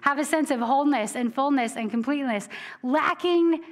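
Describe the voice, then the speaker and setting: A woman preacher giving a church sermon in a conversational, animated way, often laughing between points. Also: high voice, moderate pace.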